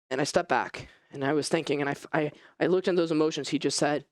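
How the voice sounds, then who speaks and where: Guy doing a dramatic first person sermon, animated storytelling, dry close mic. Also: a little high, fast talker, few pauses, no echo. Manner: animated storytelling, voice rising and falling. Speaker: preacher.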